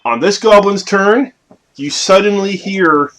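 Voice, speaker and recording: A man's voice: a little high, normal speed. Man running a family tabletop game. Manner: lively, playful narration with sudden loud bursts. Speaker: game master.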